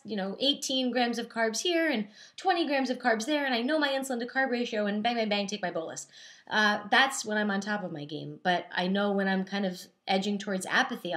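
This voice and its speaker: A young woman who is a diabetes advocate, talking candidly and casually to camera, with animated asides where she quotes herself. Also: medium pitch.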